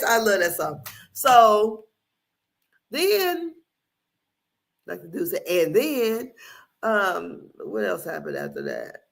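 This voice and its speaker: A middle-aged woman from Indiana, USA, hosts a casual recap podcast, chatting and rambling while often laughing through her stories. Her mid-range voice swoops wildly in pitch, and she speaks slowly with vocal fry and frequent pauses.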